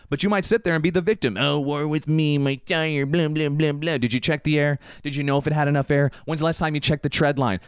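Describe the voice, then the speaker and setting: A man's voice: a little high, no room sound, studio quality. A man hosting a podcast and delivering an enthusiastic, hyped-up pep talk. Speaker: podcast host. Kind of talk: motivational podcast monologue.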